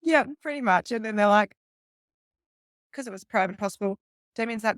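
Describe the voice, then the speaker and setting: A woman's voice: mid-range voice, moderate pace, no echo, clean studio sound. A woman, a guest police detective, telling a story in casual talk and acting out the voices of the people in it. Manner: animated retelling, acting out quoted voices with laughs.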